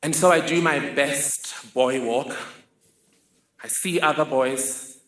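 A man's voice: mid-range voice, steady tone, slow pace, fairly bright tone. A man telling a funny, vivid personal story in a talk. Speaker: speaker. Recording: roomy echoing hall.

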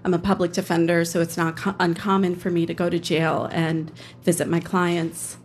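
A woman, a public defender, telling a personal story on stage in plain, steady narration. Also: on the low side, normal speed, slight background noise.

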